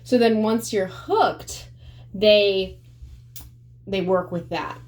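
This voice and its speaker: A woman's voice: medium pitch, extremely slow, darkish tone. A woman vlogging to camera in a blunt, profane, emphatic way, rambling with fillers. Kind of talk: casual monologue to camera.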